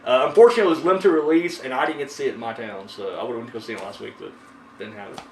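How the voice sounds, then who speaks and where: A man's voice: mid-range voice, racing. A man hosting a horror movie review show, chatting casually and rambling with lots of fillers and swearing. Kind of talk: casual chat. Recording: echoey room from a distance with faint noise.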